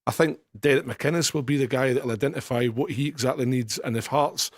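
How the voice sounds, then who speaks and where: Opinionated Scottish football pundit. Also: male voice, medium pitch, a little fast, no room sound, clean studio sound. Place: radio studio.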